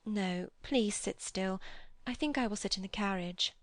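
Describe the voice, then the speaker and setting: A woman's voice: medium pitch, unhurried, dry recording, lightly acted. A woman reading an audiobook, voicing an anxious, proper young lady who speaks in a raised, pleading way. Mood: strained.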